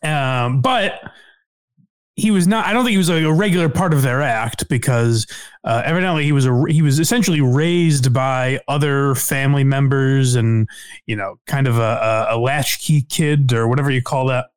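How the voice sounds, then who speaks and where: A man hosting a podcast in casual chat, hesitant, with many fillers and sudden upward pitch jumps. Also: moderate pace, clear, resonant tone, no echo. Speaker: podcast host.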